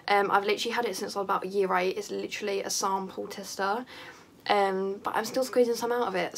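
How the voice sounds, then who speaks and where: A teenage girl, a beauty vlogger, chats loosely about her makeup routine, teasing herself and wandering off into rambling asides. Her mid-range voice is husky and a bit bright, with vocal fry.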